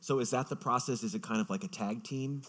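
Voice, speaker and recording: A man interviewing an author onstage, asking long, measured, probing questions. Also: mid-range voice, a bit bright.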